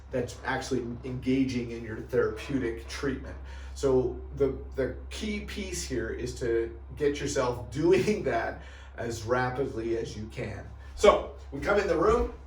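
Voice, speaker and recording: A man's voice: mid-range voice, recorded from a distance, slight background noise. Emphatic male coach in a roomy space. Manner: emphatic, checks in with "right?" and "okay?". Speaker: practice coach for chiropractors. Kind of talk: coaching talk.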